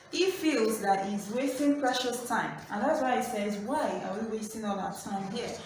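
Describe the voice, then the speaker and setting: Slow-paced teacher in an echoey room. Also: female voice, fairly high pitch. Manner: repeats key points, asks the class questions. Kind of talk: slow, clear online class lesson. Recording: distant mic in an echoey room with background noise.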